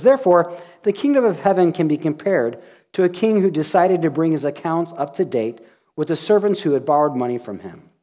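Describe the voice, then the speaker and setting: A male pastor preaching a sermon, retelling a scripture story with acted-out dialogue. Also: a little high. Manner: animated storytelling, acting out dialogue.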